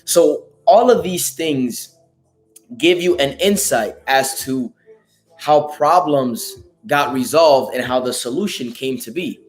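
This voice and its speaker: Hoarse raspy man with faint music. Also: medium pitch, lively intonation, takes it slowly. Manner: emphatic, profane, preachy. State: hoarse from a lost voice. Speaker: motivational host. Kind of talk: live motivational talk.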